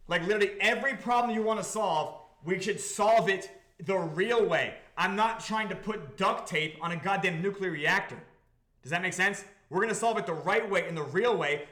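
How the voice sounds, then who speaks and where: A man with a high, bright voice hosts a live stream, talking fast and loose to chat. He swears freely and keeps checking that his listeners follow him. The echo of the room around him carries on the recording. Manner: animated, profane, repeats himself, keeps asking the audience if they follow. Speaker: crypto project founder hosting a live stream.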